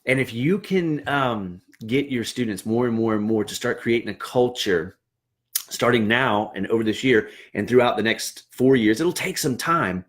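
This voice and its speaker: A man's voice: medium pitch, normal speed. Man, band leadership trainer, earnest, encouraging, casual livestream talk, mid-range voice. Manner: earnest and encouraging, acts out classroom dialogue.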